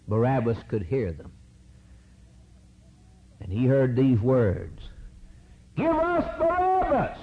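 A man preaching a sermon in a rhythmic, dramatic style, rising to high cries and dropping low again. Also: breathy edge. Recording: dull lo-fi recording with faint hiss.

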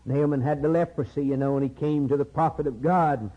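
Husky-voiced man preaching a fervent sermon. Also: steady tone, brisk. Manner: repetitive preaching cadence, swinging between low murmurs and high cries. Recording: dull lo-fi sermon recording.

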